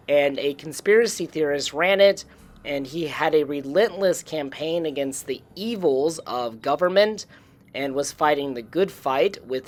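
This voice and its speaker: A host narrates a walkthrough of a game location in a relaxed, informative way. The voice sits at a middle pitch and keeps up a friendly commentary. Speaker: YouTube series host. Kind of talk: gameplay narration voice-over.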